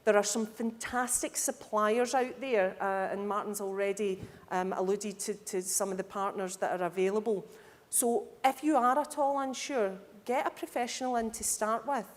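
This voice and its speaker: Lively woman giving a conference talk. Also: mid-range voice, moderate pace. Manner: lively and candid, with asides. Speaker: conference speaker. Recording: hall reverb.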